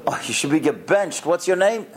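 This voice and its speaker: A man teaching a lesson to boys and adults, telling stories with lively acted-out quotes and asking the listeners questions. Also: on the high side, moderate pace, a little hiss or hum. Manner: lively, acts out the quoted characters, quizzes the listeners. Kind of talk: animated storytelling lesson with questions to the audience.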